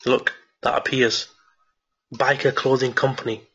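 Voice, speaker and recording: A man teaching a screen-share marketing tutorial and answering viewer questions, excited and repetitive, with lots of restarts, late at night. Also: medium pitch, measured pace, breathy edge, muffled recording. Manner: enthusiastic, repeats himself, many restarts.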